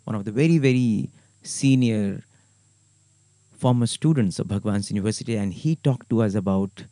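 A man hosting and announcing programs in an earnest, measured way. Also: fairly low pitch, warm tone, no room sound. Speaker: host.

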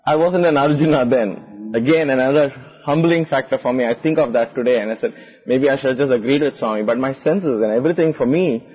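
A man recounting a personal memory in a reflective, halting way, often acting out the words of others. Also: mid-range voice, slightly rough, long reverb tail, lo-fi sound. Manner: reflective, halting, re-enacts quoted speech. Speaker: guest. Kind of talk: personal recollection.

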